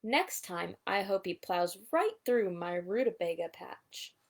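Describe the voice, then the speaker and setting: A woman's voice: medium pitch, big pitch swings, measured pace. A woman voicing a fussy male rabbit gardener with prim, sarcastic remarks, in a storybook read-aloud.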